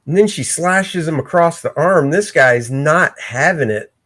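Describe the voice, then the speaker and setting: A man hosts a casual walkthrough of his comic pages, speaking at an unhurried pace. He jokes, rambles and breaks off mid-thought to check his pages. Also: on the high side, expressive, fairly bright tone. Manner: joking, rambling, self-interrupting. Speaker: comic artist hosting a drawing channel. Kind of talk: casual narrated art commentary.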